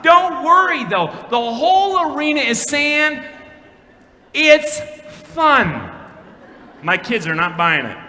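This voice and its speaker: A man from Minnesota giving a keynote speech at a conference, telling a story dramatically, with shouted punchlines and hushed quiet lines. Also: very high-pitched, very animated, takes it slowly. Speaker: keynote speaker. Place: large conference hall. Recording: long hall reverb, faint room noise.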